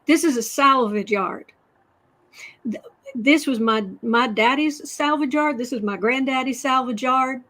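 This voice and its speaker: A woman's voice: high-pitched, a little slow, fairly bright tone. A woman quoting a proud rural salvage yard owner. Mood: insistent. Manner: insistent, touchy about the word junkyard. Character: proud rural man who owns a family salvage yard.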